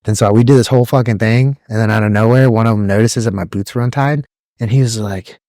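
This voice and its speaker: A young podcast co-host chats casually, rambling through stories full of laughs and swearing and imitating yelling drill instructors. His voice is fairly low and steady in tone, he talks quickly, and the recording is dry and studio quality.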